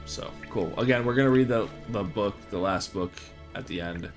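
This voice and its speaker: A man's voice: fairly low pitch, normal speed, music in the background. Easygoing man commenting on gameplay. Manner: rambling, easygoing, reads text aloud. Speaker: let's play host.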